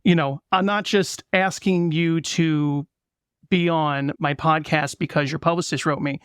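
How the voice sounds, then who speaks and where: A man's voice: on the high side, fairly even intonation, measured pace, a bit bright, smooth, dry recording, clean studio sound. A man in his thirties hosting a podcast interview, sincere and openly a fan. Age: 30s. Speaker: podcast host.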